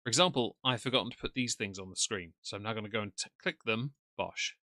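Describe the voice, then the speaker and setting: A man's voice: fairly low pitch, fast talker, pushed and bright, no room sound. A man commenting sarcastically on a livestream from off camera. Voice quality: dry, mocking. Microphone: desk mic, off camera.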